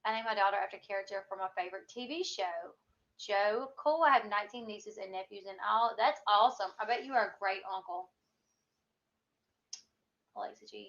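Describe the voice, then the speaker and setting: A woman in her thirties with a Southern US country twang, talking in a rambling, casual livestream style full of fillers. Her voice sits at an ordinary middle pitch. The sound is dull and lo-fi. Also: bright, forceful tone. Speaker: YouTube host.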